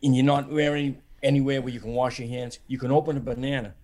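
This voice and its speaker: A man's voice: medium pitch, flat delivery, quick pace, darkish tone. A man, a plumber, telling folksy stories and chuckling in a casual podcast chat. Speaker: plumber guest.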